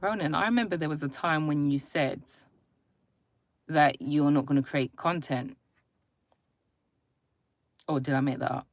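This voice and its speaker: A woman's voice: deep voice, a little slow, pauses often, no echo, studio quality. A woman with children hosting a casual live stream, greeting viewers by name and chatting in a free-flowing way. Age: adult, a parent. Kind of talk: casual chat reading viewer comments. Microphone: phone live stream.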